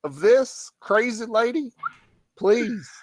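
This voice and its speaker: A man's voice: very high voice, lively intonation, takes it slowly, dry recording, pitched above the performer's own voice, heavily acted. A man voicing a bumbling new lawman, pleading and put-upon.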